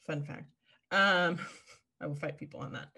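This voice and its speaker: A woman with a low voice co-hosting a casual podcast. She talks readily and with animation, tossing in quick asides as she goes. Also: steady tone, gravelly, sharp tone. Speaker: podcast co-host. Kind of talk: casual chat.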